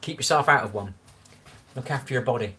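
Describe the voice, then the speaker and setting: A man's voice: medium pitch, fairly quick, heavy background noise. A man in his forties with a strong West Country accent, chatting casually on a home livestream and rambling as he answers viewers' comments. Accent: West Country English. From England. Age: 40s. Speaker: livestream host. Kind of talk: casual live-stream chat. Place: room at home.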